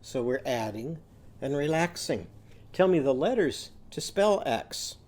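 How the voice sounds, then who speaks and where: A man's voice: on the high side, expressive, measured pace, a little mellow. A man teaching a children's literacy lesson, patiently guiding young listeners through sounds and letters.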